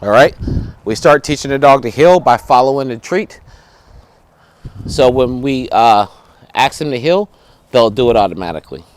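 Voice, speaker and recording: A man's voice: mid-range voice, animated, normal speed, long pauses. A man teaching dog training outdoors, explaining each step and giving short commands to a dog, often checking in with "right?" and "okay?". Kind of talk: instructional dog training video.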